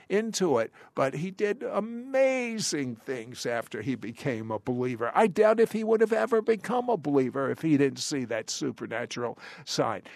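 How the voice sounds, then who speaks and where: A man preaching a sermon, quoting scripture with emphatic pauses and telling stories from his ministry. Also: a little high, gravelly, no echo.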